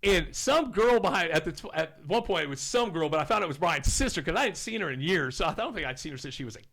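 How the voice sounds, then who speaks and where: A man in his fifties from Oklahoma, a podcast guest telling rambling stories in a casual, animated way and swearing now and then. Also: a little high, fast talker, creaky. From Oklahoma, USA. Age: 50s. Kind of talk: casual storytelling.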